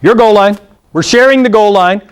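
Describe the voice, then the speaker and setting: Man, middle-aged, football rules instructor, blunt, joking, fairly high voice. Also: normal speed, clean tone. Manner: blunt, joking, often checks in with "okay?"; acts out coaches' lines in funny voices. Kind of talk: classroom rules lecture with anecdotes. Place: meeting room.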